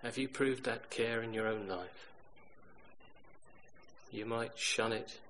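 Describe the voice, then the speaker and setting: Middle-aged male preacher, mid-pitched, lively sermon storyteller; light noise under the voice. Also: slow pace, low-quality recording. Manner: storytelling, swings from loud emphatic to quiet.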